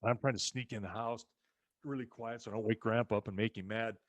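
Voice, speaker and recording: Animated male ranch storyteller. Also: on the low side, quick pace, dry recording. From rural western United States. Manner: animated storyteller who acts out other people's lines. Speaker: ranch co-host telling family stories. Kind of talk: casual storytelling chat.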